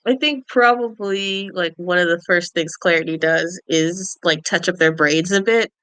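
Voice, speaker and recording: A woman playing a character in a tabletop game, talking in a lively, playful way and laughing often. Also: lowish voice, moderate pace, smooth, no room sound. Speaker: player.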